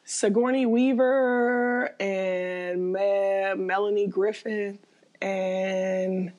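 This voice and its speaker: A woman chatting casually, an animated storyteller who acts out the people in her stories. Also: extremely slow, muffled recording. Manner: animated storyteller, acts out quoted voices with big pitch jumps. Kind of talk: casual chat.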